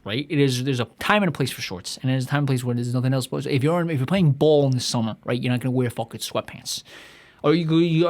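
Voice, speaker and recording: A man hosting his own podcast, ranting alone in a rambling, profane way, full of restarts and repeated words. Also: on the high side. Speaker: podcast host. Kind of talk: rambling solo rant.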